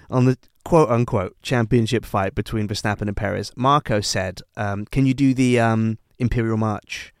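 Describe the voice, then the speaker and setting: A man's voice: lowish voice, fairly even intonation, measured pace, clear, resonant tone, no echo. Rambling man, dry mic. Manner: rambling comic storytelling, swears often. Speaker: podcast co-host. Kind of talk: casual chat.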